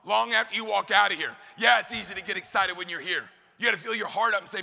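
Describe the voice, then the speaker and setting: A man delivers a hyped motivational talk to a live crowd, firing questions and shouting back the answers. His voice sits high and carries heavy gravel with a piercingly bright edge. The sound rings out with the long reverb of a large event hall. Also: quick pace, few pauses. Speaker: motivational speaker. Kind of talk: high-energy motivational speech to a live audience.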